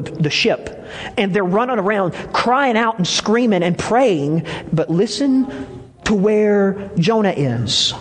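A man's voice: high-pitched, long reverb tail. A man preaching a sermon, telling stories with emphatic rises and drops. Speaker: pastor.

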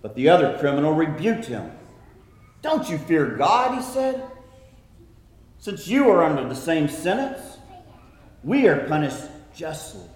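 A man preaching a sermon in a slow, earnest way, dropping to a soft hush when he quotes scripture. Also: a little high, big pitch swings. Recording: echoey hall, from a distance.

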